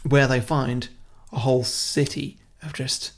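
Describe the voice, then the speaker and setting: A man co-hosting a podcast, casually pitching a silly plot in a long, rambling way and chuckling at his own ideas. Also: flat delivery, a little slow. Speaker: podcast co-host.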